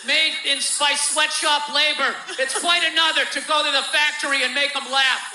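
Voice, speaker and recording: Speaking at a normal pace with slight background noise, an American comedian guesting on a talk show shares profane stories. His voice runs high for a man, bright and cutting, and he loudly acts out the voices of the characters in his tales.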